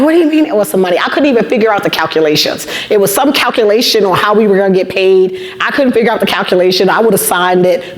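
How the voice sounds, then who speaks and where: A woman in her fifties speaking to a room of students, her voice sitting at an ordinary middle pitch. She tells workplace stories with lively, animated delivery, slipping into the voices of the people she quotes and repeating key points for emphasis. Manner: animated storyteller, acts out quoted dialogue; emphatic repetition. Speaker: guest speaker. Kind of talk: motivational talk to students.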